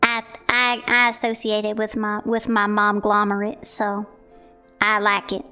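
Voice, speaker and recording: A woman's voice: medium pitch, completely flat delivery, measured pace, pushed and bright, smooth, soft background music. A young woman streamer chatting casually about viewer art, rambling with giggles and self-corrections. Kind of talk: casual chat.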